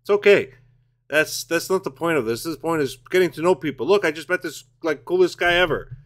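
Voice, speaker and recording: A man's voice: a little high, brisk, fairly bright tone. A father streams a tank battle game from his basement. He talks casually and self-mockingly to his chat and blurts out curses between friendly remarks. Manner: chatty, self-mocking, swears and blurts out during play. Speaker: gaming streamer. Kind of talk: casual live-stream commentary while playing. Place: home basement.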